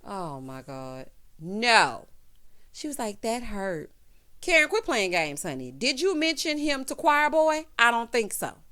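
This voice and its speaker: Female recap host, sassy, lively pitch, chatty. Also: unhurried, clean tone. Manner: sassy, animated, calls listeners honey and child. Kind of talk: casual recap commentary.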